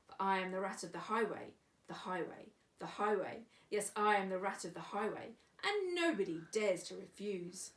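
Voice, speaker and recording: Woman reader voicing a bullying rat bandit, loud chanting demands, storybook, heard from afar. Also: mid-range voice, lively intonation, moderate pace, far from the mic, lightly acted. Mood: bossy. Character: greedy, bullying male rat highwayman. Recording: echoey room, away from mic.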